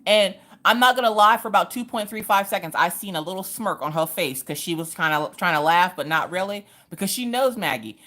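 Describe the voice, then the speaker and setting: Animated storytelling woman, low voice. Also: fairly quick, hardly any pauses. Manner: animated, chatty storyteller, colloquial. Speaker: craft livestream host. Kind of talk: casual chat and storytelling. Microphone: streaming from home.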